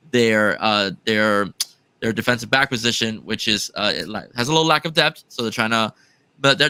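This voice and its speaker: A man co-hosting a sports podcast, running through upcoming guests in a steady, informative way. His voice is very bright and smooth. It is recorded dry and close, with no room sound. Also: medium pitch, dry recording. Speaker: podcast co-host. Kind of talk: casual chat.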